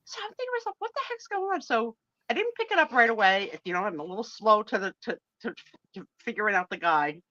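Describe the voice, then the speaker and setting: Animated middle-aged woman co-host, bright lively voice, dull dry lo-fi stream audio. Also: mid-range voice, quick pace, no echo. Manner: animated, acts out voices in her stories. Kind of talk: casual storytelling chat.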